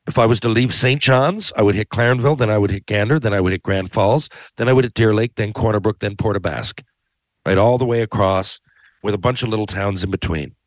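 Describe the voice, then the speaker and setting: A man's voice: fairly low pitch, a little fast, no echo. Rambling man, dry close sound. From Newfoundland, Canada. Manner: rambling, profane, tags lines with "right?". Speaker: podcast host. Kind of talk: casual monologue.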